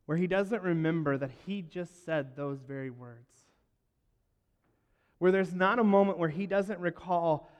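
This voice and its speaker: A man preaching a sermon, telling a story and acting out its lines, moving between hushed and loud. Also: fairly high pitch, a little slow. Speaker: pastor. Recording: long hall reverb.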